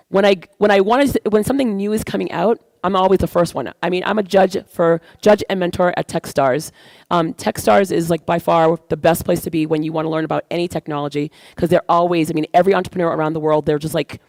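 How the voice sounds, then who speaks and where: Energetic woman giving a stage talk. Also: lowish voice, gravelly, dry recording. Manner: energetic, animated storytelling. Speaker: guest speaker. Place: event stage.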